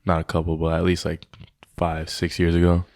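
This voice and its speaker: A man with a very low voice co-hosting a casual podcast among friends. He speaks bluntly and matter-of-factly, stating his views flatly. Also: a little fast, dry recording, studio quality. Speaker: podcast co-host.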